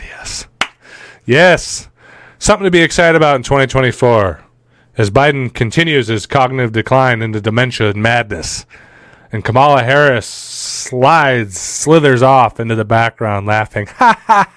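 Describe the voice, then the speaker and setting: A man's voice: medium pitch, fairly bright tone, clear, resonant tone, no echo. Male podcast host, sarcastic and profane, dry close-mic sound. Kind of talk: casual ranting commentary.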